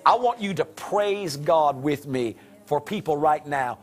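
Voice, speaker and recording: A man's voice: on the high side, lively intonation, measured pace. A male preacher giving a rousing, rhythmic exhortation at a revival. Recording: loud crowd and noise.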